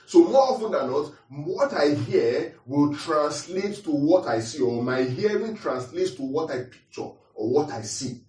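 A man's voice: a little high, expressive, measured pace, hardly any pauses, darkish tone. A man preaching a teaching sermon, repeating his points and asking the congregation questions. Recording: roomy echo, distant mic.

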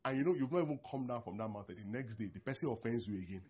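A man, a pastor preaching a sermon in an animated way, acting out prayers and laughing often. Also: mid-range voice, fast, husky. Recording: dull lo-fi recording.

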